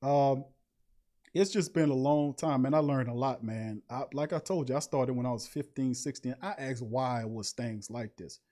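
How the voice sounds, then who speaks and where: A man hosting a podcast, talking in a casual, slangy livestream monologue. He preaches with emphasis, jumping sharply up in pitch to stress a point, from an otherwise mid-range voice. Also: normal speed, warm tone. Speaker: podcast host.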